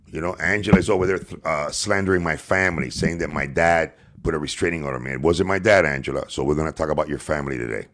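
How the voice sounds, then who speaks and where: A man's voice: extremely low pitch, quick pace, few pauses, fairly bright tone. A man hosting a livestream, ranting and taunting his rivals with profane insults. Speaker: livestream host.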